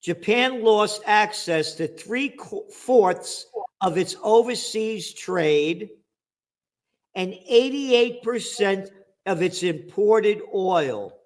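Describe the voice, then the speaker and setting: The host of a heated political talk show, a man with a high voice who draws out his words, reads a source aloud and ridicules it. His manner is sarcastic and animated, with mocking asides throughout.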